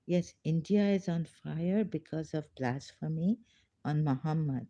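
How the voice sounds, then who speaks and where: A woman with a low, mellow voice hosts a casual livestream and reads the news aloud. She talks slowly and haltingly, stopping often to restart. The sound is dry and a little dull, like a lo-fi home recording. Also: no echo. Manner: hesitant, halting, many fillers and restarts. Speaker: livestream host.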